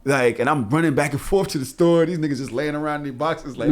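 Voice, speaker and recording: A man, co-hosting a podcast and telling loose, profane stories full of animated asides. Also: on the high side, quick pace, a crowd in the background. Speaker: podcast co-host. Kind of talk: casual podcast chat.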